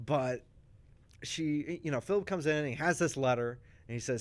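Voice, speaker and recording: A man in casual chat, recapping soap opera plot twists for a stream with animated storytelling, frequent restarts and asides. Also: fairly high pitch. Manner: acts out characters' lines in quick voices.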